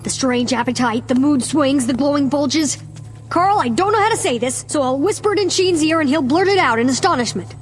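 A woman's voice: sits high, lively intonation, soft background music. A woman voicing a confident, know-it-all boy genius inventor in a cartoon. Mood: grave. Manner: brisk, know-it-all, commanding. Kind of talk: cartoon voice acting.

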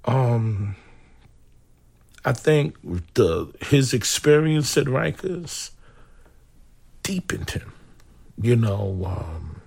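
A man speaks slowly and reflectively in a documentary interview. His voice is husky with a gravelly edge, and his pitch moves a lot as he searches for words. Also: big pitch swings, a little mellow. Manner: slow, searching, many pauses and restarts.

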